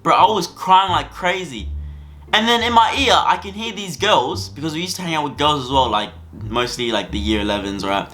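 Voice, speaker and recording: A man's voice: fairly high pitch, lively intonation, moderate pace, sharp tone, faint music behind. A young man telling a school story to camera in a rambling, casual way, full of fillers and repeats. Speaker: vlogger.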